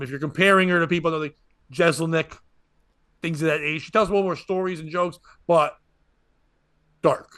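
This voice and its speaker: His voice on the higher side, a comedian who hosts a podcast recounts stories in casual talk, animatedly imitating quoted voices. The recording is studio quality with no echo.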